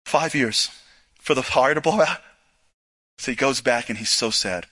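A man telling a story to an audience, animated, acting out dialogue with casual asides. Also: medium pitch, unhurried, husky, no echo. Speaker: speaker. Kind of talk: storytelling talk.

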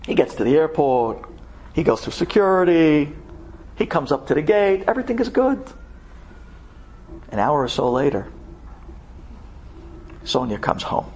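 Male storyteller, high husky voice, animated, hushed to shouted. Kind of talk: dramatic spoken storytelling.

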